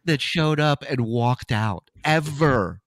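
A man's voice: mid-range voice, lively intonation, slow, no room sound. Guy hosting a podcast, roasting his buddies, swears a lot, dry close sound. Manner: teasing, profane, laughs often. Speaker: podcast host. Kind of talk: casual comedic banter.

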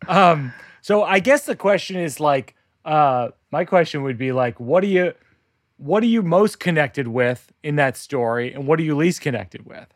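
Man, comic storyteller, deadpan and dry, slightly high voice, close dry sound. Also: normal speed, dry recording. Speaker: comedian workshopping a story.

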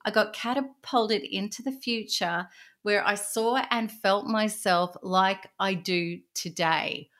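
Middle-aged woman, interview guest, earnest and intense, sharing a personal story, going soft and quiet in places. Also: mid-range voice, takes it slowly.

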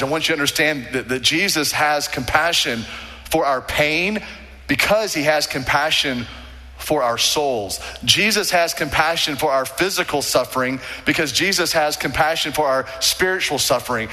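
A pastor delivers an earnest, emphatic sermon, his bright, forceful voice ringing through a big sanctuary with long reverb. He slows down and drops low to stress key words. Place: large church sanctuary.

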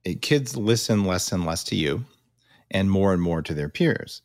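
A man hosting a podcast, chiming in with quick blunt asides and laughs. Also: sits low, expressive. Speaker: podcast host. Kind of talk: casual podcast interview.

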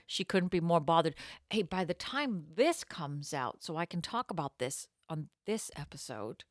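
A woman co-hosting a casual comedy podcast, talking in quick, jokey bursts that swing into loud excitement. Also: low voice, no echo, studio quality. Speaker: podcast co-host.

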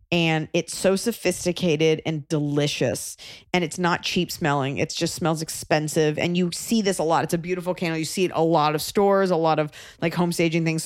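Podcast host: chatty Texan woman, lowish voice, dry close sound. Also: no echo. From Texas. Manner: chatty, acts out voices in anecdotes. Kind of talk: casual chat.

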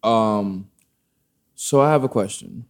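A man casually telling a personal story, candid and animated, acting out the dialogue. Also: on the low side, takes it slowly. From Brooklyn, New York family roots.

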